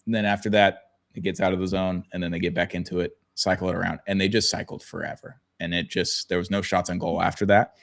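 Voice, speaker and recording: Deep-voiced young man, casual podcast chat. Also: flat delivery, fast, creaky, few pauses. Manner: rambling, swears casually, jokey. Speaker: podcast co-host.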